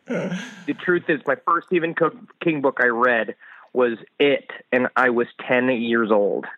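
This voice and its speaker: A man calling in as a podcast guest, riffing loudly with profane, rambling comic bits. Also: mid-range voice, measured pace, no echo, dull audio. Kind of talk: casual chat. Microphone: remote line.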